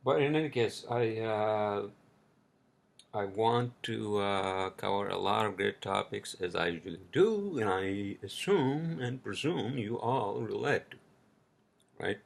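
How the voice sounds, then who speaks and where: Gravelly low-voiced man ranting on a podcast. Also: lively intonation, measured pace. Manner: rambling, profane, heated when ranting. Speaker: podcast host. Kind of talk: casual solo podcast monologue.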